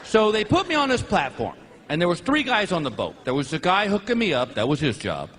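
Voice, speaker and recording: A middle-aged man performing stand-up comedy on stage, telling a story and acting out characters with shouted, high yelps. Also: huge pitch swings, fairly quick. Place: comedy stage before a live audience. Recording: live show with crowd laughter and noise.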